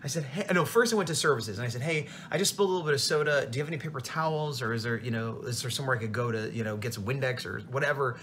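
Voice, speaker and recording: A tired man, a comic artist, telling a rambling, animated story in a casual vlog. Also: mid-range voice, rapid-fire, few pauses, a little hiss or hum. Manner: rambling, animated retelling with quoted voices.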